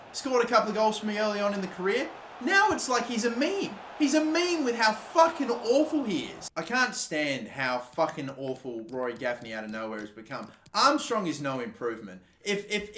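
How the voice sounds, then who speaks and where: A young man commentating his own football video game match, swearing and exasperated, shouting at his players' mistakes. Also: fairly high pitch. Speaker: gaming YouTuber. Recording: echoey room with faint noise.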